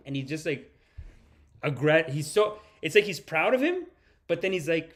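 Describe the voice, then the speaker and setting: A man's voice: fairly high pitch, sing-song, moderate pace, long pauses, a bit bright. A man hosting a podcast, reacting to clips in a casual, joking, profane way. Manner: joking, profane, laughing often. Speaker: podcast host.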